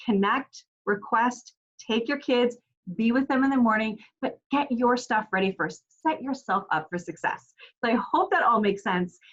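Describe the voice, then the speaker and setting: The audio is dull, and the woman's slightly high voice moves at a normal speed. In her forties, she coaches parents directly to camera, sounding earnest and encouraging and leaning often on rhetorical questions.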